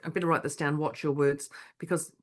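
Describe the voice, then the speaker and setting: A woman co-hosting a motivational podcast, talking in a chatty, animated way and acting out the voices she quotes. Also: deep voice, a little fast. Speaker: podcast co-host. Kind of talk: casual motivational chat.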